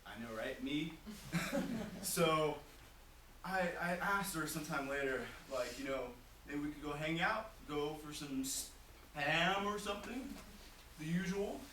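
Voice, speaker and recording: A man's voice: on the high side, slow, pushed and bright. A teenage boy doing a goofy, boastful comic monologue at a talent show, breaking into shrieking impressions. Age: teens. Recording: echoey room from far off, hissy noise.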